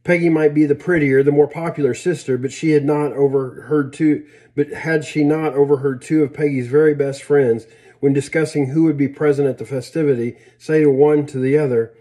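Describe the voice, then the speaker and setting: A man reading a story aloud in a plain, unhurried way with small slips and restarts. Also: a little high, fairly even intonation, warm tone. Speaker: reader.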